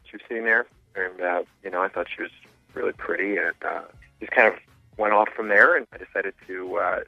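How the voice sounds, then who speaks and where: A man calling into a radio show, talking hesitantly with lots of pauses and restarts. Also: sits low, dry recording, soft background music. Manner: hesitant, many ums and restarts. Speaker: caller. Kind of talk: phone call into a radio show. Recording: tinny dry phone line.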